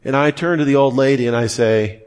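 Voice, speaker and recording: A man's voice: medium pitch, brisk, a little mellow, smooth. A man giving a Christian apologetics lesson in a conversational way, with emphatic, incredulous asides. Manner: conversational, acts out quoted voices. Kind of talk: lively teaching talk.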